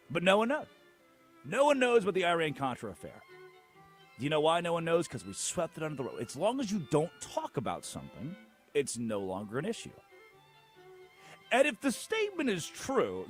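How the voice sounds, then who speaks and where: A man hosting a sports talk show with a fairly high, very lively voice that leaps up and drops low. He talks in a theatrical, sarcastic way, throwing out rhetorical questions. The studio sound is dry, with faint music underneath. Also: no room sound. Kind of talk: animated monologue.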